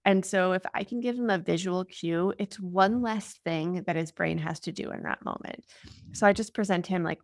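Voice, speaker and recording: A woman's voice: fairly low pitch, normal speed, no room sound. Young adult woman, parenting guest, casual chatty delivery, dry booth sound. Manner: casual, warm explaining with frequent "like" fillers. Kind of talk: conversational interview answer.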